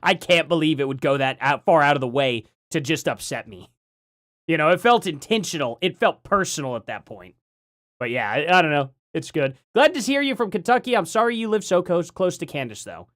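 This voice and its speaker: Lively rambling man on a dry mic. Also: a little high, dry recording. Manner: rambling, chatty, laughs often, reads chat aloud. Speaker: live stream host. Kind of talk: casual live stream chat.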